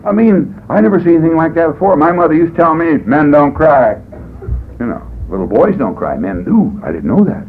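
A man's voice: on the high side, slightly rough. A man speaking at a recovery meeting, telling his story in a rambling, folksy way with wry humor. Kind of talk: personal testimony talk. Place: meeting room. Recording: tinny lo-fi tape with faint hiss.

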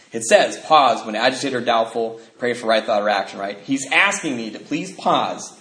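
In a reverberant space, a man shares his story with a group, animated and laughing often. His pitch jumps high whenever he acts out other people.

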